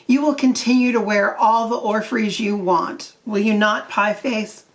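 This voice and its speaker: Lady reading as a gruff old bishop, soft-spoken, clipped and proper, storybook style. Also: mid-range voice, fairly even intonation, a little slow, far from the mic, lightly acted, low-quality recording. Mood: reminiscing. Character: elderly male bishop, gruff and sentimental.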